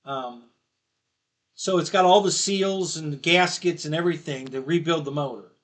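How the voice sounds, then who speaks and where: A man's voice: a little high, moderate pace, fairly bright tone. A middle-aged man hosting a live stream, rambling through a casual story and laughing at his own jokes. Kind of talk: casual chat.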